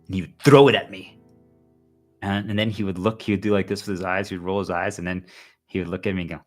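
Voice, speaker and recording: A man's voice: deep voice, steady tone, a little fast, faint music behind. A man livestreaming a rambling, intense personal monologue, full of repeated fillers. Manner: intense, repetitive, heavy use of "like".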